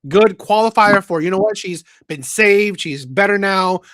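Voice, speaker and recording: A man hosting a call-in commentary stream with a high, bright voice. He rambles, restarts his words and keeps asking "right?". The sound is dry and close. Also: normal speed, no echo. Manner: rambling, repeats words, asks "right?" often. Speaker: host.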